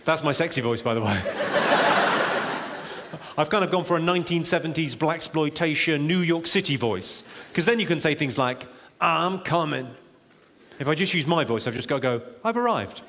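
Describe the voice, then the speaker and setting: A man doing stand-up comedy with a deadpan delivery and working the crowd in a large theatre. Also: on the high side, brisk, heavy background noise. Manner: deadpan, crowd work with the audience. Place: large theatre with a laughing audience. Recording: live theatre recording with long reverb and loud crowd laughter.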